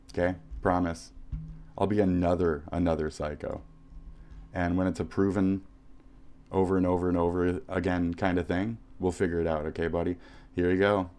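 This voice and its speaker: A man from the United States with a low voice hosts a livestream. He delivers an aggressive, profane rant and taunts his target with insults he keeps repeating. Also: gravelly, warm tone.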